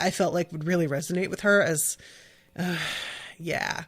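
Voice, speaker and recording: A woman's voice: mid-range voice, animated, measured pace, fairly bright tone, slightly rough. A young woman hosts a casual podcast recap. She talks in a loose, rambling way, full of fillers and restarts. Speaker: podcast host.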